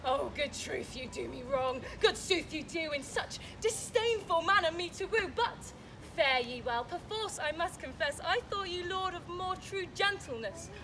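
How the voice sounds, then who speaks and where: A woman's voice: extremely high pitch, expressive, a little slow, hardly any pauses, sharp tone, slight background noise, exaggerated voice. A woman playing the lovelorn Helena in an outdoor production, delivering verse with pleading emotion. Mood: anguished. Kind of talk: outdoor stage acting of verse.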